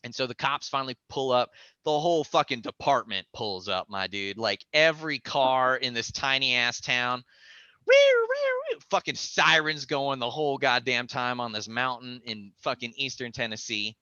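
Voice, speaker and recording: A man telling a story as a podcast guest, animated and profane, acting out the voices. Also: medium pitch, normal speed, hardly any pauses, no echo, muffled recording. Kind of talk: casual storytelling.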